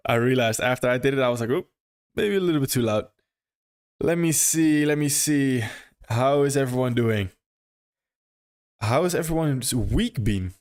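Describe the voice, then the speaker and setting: A young man talks casually into a close mic as he hosts a live trading stream. His voice sits at an ordinary middle pitch. He greets viewers by name and repeats his phrases in an upbeat, chatty way. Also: clean tone. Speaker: livestream trading host. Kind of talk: casual livestream chat reading viewer comments.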